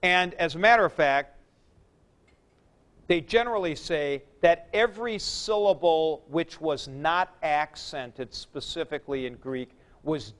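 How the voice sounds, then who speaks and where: A man teaching a class, explaining slowly with fillers and "okay?" checks to the students. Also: on the high side, fairly bright tone. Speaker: Greek teacher. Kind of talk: classroom lecture.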